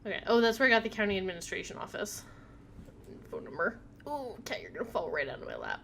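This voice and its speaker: A woman's voice: mid-range voice, wildly swooping pitch, fast, gravelly, a bit bright, slight background noise. A woman streaming a video game at home, chatting casually, reading text aloud and talking to her cat. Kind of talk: casual live gameplay commentary.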